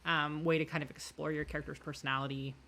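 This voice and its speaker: A woman's voice: low voice, level tone, quick pace, bright, forceful tone. A young woman co-hosting a podcast in casual, chatty conversation, laughing easily. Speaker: podcast co-host. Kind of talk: casual chat. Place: studio recording in person.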